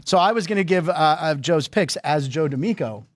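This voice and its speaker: A man hosting a casual sports talk show, joking and bantering with quick stammered restarts. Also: fairly high pitch, expressive, dry recording, studio quality. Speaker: host.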